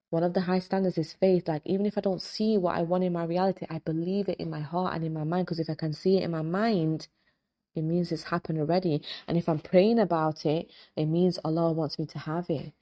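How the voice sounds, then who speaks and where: A woman hosting a faith-based motivational talk, animated and casual, often acting out inner dialogue. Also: on the low side. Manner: casual, repetitive affirming delivery. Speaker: host, hypnotist and life coach.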